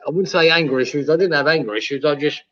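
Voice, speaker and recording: An older man talks bluntly and swears freely as co-host of a casual chat. His voice sits a little high. The sound is muffled and lo-fi. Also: quick pace, a bit bright. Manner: blunt, sweary, matter-of-fact.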